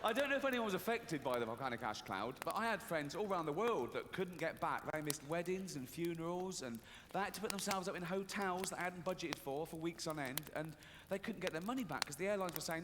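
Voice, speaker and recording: A man's voice: on the high side, expressive, fast talker. A man performing a profane, sardonic stand-up comedy routine on an arena stage. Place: large concert arena stage. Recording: arena recording with long reverb and audience noise.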